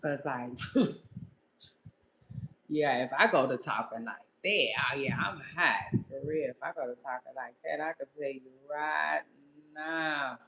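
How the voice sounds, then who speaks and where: A woman's voice: low voice, slow pace, vocal fry, a bit bright, echoey room. A woman chatting casually with viewers as a podcast host, laid-back and laughing, with slangy talk.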